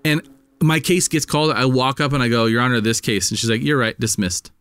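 A man's voice: mid-range voice, fairly quick, clean tone. Profane, heated storytelling man. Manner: heated, profane, animated retelling. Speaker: podcast co-host. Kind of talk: casual storytelling chat.

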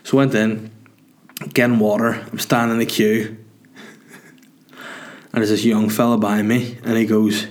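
A man's voice: fairly low pitch, flat delivery, normal speed, pauses often. A man, a comedian telling a story in a chatty, self-mocking way, swearing freely. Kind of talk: casual storytelling monologue.

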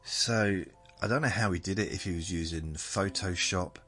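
A man's voice: deep voice, normal speed, fairly bright tone, soft background music. A man with a southern English accent, hosting a podcast as a meandering, self-correcting monologue meant to lull listeners to sleep. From southern England. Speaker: podcast host.

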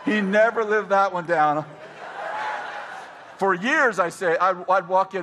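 A middle-aged man, a pastor, telling stories in a casual, animated way and laughing often as he talks. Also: sits high, slow, pauses often, noisy background. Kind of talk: casual storytelling.

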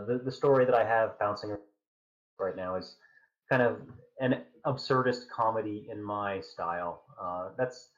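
Low-voiced man on a dull lo-fi call. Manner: halting, thoughtful, frequent fillers. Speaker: podcast guest, fan fiction writer. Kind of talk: casual podcast interview.

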